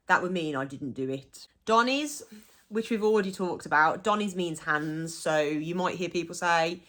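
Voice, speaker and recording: A woman's voice: on the low side, moderate pace, fairly bright tone. Chatty Black Country woman explaining dialect. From Black Country, England. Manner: chatty, laughs easily, gives example phrases. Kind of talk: casual explanatory monologue.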